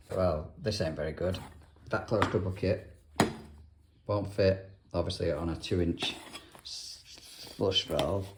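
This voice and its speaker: A man's voice: low-pitched, takes it slowly, pauses often, noisy background. A young English man, a plumber, talking casually through his work in a bathroom, with dry grumbling asides. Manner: chatty, dry grumbling asides while working. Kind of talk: casual work vlog narration. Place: indoor bathroom on a job.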